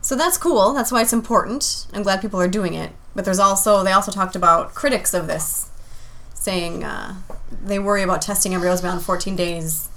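Woman podcast co-host, casual chat, bright and forceful tone, thinks aloud. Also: medium pitch, normal speed. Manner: chatty, thinks aloud with fillers.

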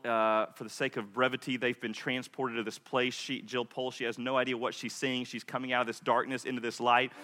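A man preaching a sermon as pastor, his delivery rising from hushed prayer to impassioned appeal. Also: mid-range voice. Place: church sanctuary. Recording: music, long hall reverb.

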